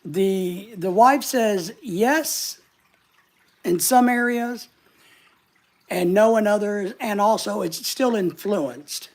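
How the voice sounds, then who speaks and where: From his living room couch, a man hosts a casual livestream, joking around and reading viewer comments aloud. He speaks slowly in a high voice.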